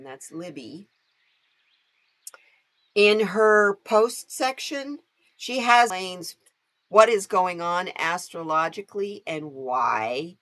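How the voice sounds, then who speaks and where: A woman's voice: lowish voice, a bit bright. A woman hosting a live stream, talking casually while she reads cards. Her voice rises and falls a lot, and she laughs easily and greets viewers by name as she goes.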